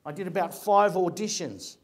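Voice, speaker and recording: In a high, animated voice at normal speed, a middle-aged man who acts recounts stories about his work. It's an informal storytelling talk, chatty and rambling, with plenty of false starts.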